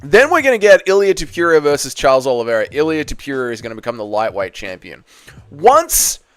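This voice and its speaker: A young man casually chatting on a livestream, answering chat comments, swearing and breaking into loud excited bursts. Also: fairly high pitch, clean tone, no room sound. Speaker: livestream host.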